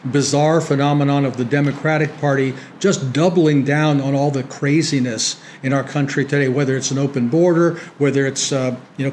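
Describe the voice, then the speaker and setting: A man's voice: fairly high pitch, a little hiss or hum. A middle-aged American man giving a lecture to an audience, ironic and dry, often restarting his sentences. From United States. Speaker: guest speaker. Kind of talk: public lecture with banter.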